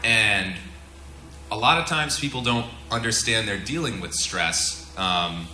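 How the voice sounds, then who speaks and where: Bright-voiced man lecturing in echoey room. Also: fairly low pitch, a little slow, faint music behind. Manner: casual, joking, asks the room questions. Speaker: flight instructor. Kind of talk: seminar lecture to an audience. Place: seminar room.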